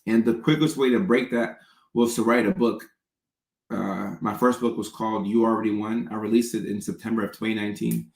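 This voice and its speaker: A man's voice: fairly low pitch, level tone, a little fast, vocal fry, darkish tone, echoey room. A man hosting a casual livestream, chatting as he reads out viewer questions and answers them.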